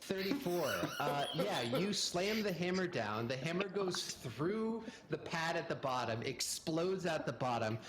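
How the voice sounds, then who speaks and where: A man narrating as game master of a tabletop game, with lively, playful narration. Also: on the high side, unhurried, few pauses, noisy background.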